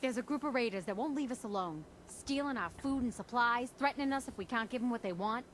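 Woman doing a worried settler lady in a game, kinda high voice, pleading. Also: quick pace, lightly acted. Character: worried female settler asking for help.

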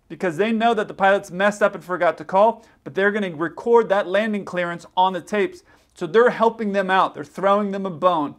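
A man's voice: high voice, normal speed. A man hosting an aviation video, giving casual, plain-spoken advice and commentary. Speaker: pilot and aviation YouTuber. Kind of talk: commentary on radio clips.

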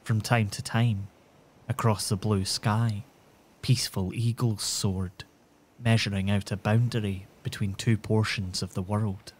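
A man narrating a bedtime story for adults in a soothing, measured manner. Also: fairly low pitch, flat delivery, a little hiss or hum.

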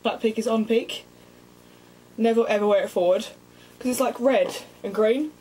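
A woman's voice: on the high side, moderate pace, warm tone, slight background noise, low-quality recording. A young woman with a cheeky, self-mocking and sweary manner, chatting casually in a comedic vlog. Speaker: vlogger.

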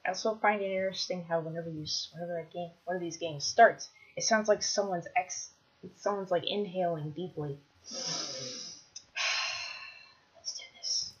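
A woman commentating her own gameplay, chatty, bursting into excited shouts when things go wrong. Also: fairly low pitch, brisk, muffled recording. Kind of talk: Minecraft let's play commentary.

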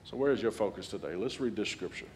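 A man in his forties preaching a sermon as a guest speaker, animated and humorous, building to loud peaks. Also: on the low side, fast talker, a little hiss or hum. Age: 40s.

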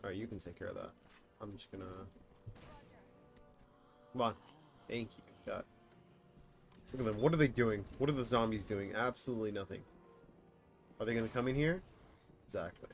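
A man's voice: on the low side, normal speed, creaky, long pauses, faint music behind. A young man streaming a co-op game live, reacting in exasperation to his partner and reading his chat. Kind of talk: live gameplay commentary.

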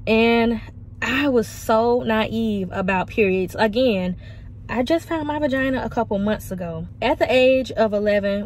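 A woman's voice: medium pitch, darkish tone. Young woman vlogger in her twenties, candid and confiding, talking in her car into a phone, light background noise. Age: 20s. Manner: frank, emotional, confiding. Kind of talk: candid personal vlog. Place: parked car.

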